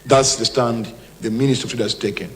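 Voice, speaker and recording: A Malawian-accented man speaks at a press briefing in a forceful, combative way. His voice sits at an ordinary middle pitch for a man. He talks as a minister addressing reporters. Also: fairly even intonation, a little fast. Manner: emphatic and combative, with mocking mimicry. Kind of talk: press briefing, mixing English and Chichewa.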